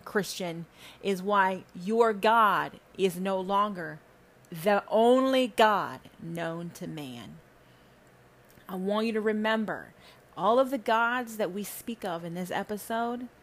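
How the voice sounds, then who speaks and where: A woman hosting her own podcast, delivering a sermon-like rant packed with swearing. Her voice sits at an ordinary middle pitch, and she hammers her points with emphatic bursts before dropping to low, muttered asides. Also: lively intonation, slow. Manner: profane, emphatic, swings between loud and low. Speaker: podcast host. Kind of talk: preachy spiritual rant.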